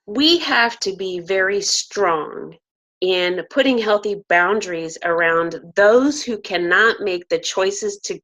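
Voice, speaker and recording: A woman's voice: mid-range voice, slow pace, fairly bright tone. A woman hosting a talk show, speaking earnestly and often affirming her guest. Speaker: host.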